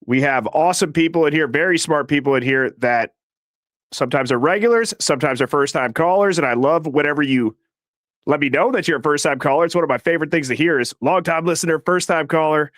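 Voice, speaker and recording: Quick-talking live stream host, man. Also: a little high, no room sound, clean studio sound. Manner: fast, casual, shouting out names in quick succession. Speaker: host of a live call-in show. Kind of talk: live stream chat, reading out viewer names.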